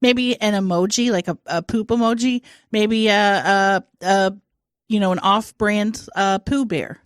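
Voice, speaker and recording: A woman's voice: medium pitch, measured pace, clear, resonant tone, dry recording, studio quality. Outspoken, opinionated woman podcast co-host. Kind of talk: casual chat.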